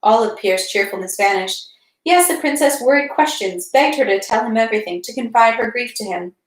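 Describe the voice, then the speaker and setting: A woman's voice: a little high, brisk, reverberant, poor audio. Woman reading a classic novel aloud. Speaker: reader.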